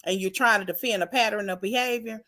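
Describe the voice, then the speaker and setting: A woman co-hosting a casual reality TV recap chat, talking in an animated way with many restarts and broken-off phrases. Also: medium pitch, fast talker. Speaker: recap show co-host.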